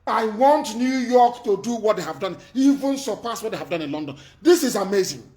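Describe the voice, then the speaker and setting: A middle-aged Nigerian man giving an impassioned live radio address as an activist, fervent and repetitive, swinging from hushed tones to shouting. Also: high-pitched, lively intonation, a little fast. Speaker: activist broadcaster.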